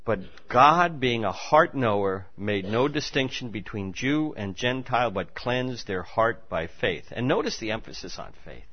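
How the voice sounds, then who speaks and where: A man preaching with a very lively, rising and falling voice that swings from hushed to loud and emphatic. The sound is dull and lo-fi. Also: mid-range voice, unhurried, few pauses. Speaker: pastor. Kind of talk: sermon.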